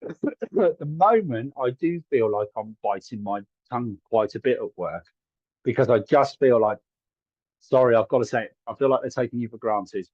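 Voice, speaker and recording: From a room at home, a male psychic medium gives live readings to viewers, chatting and hedging while often checking whether his words make sense. His voice is medium-pitched and darkish at a moderate pace, on a muffled recording with no echo.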